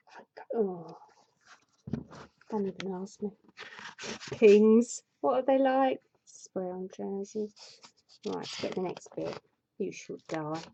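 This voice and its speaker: A woman reads a fairy tale with comic, grumbling asides, often sounding exasperated and sweary. Her voice is mellow and swings widely in pitch. The recording has a dull, lo-fi sound. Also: vocal fry. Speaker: storyteller.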